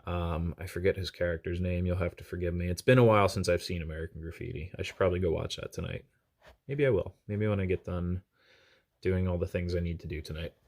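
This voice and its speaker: A man with a notably low voice narrates an unboxing in a relaxed, chatty way. He thinks aloud, fills pauses with "uh" and "um", and pokes fun at himself as he handles small pieces indoors at a desk. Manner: chatty, self-deprecating, thinks aloud with fillers. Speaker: diecast collector channel host. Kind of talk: casual unboxing commentary.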